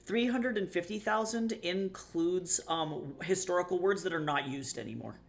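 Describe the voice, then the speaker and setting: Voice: medium pitch, normal speed, vocal fry. A young adult streamer in casual live-stream chat, rambling and swearing casually while talking to viewers.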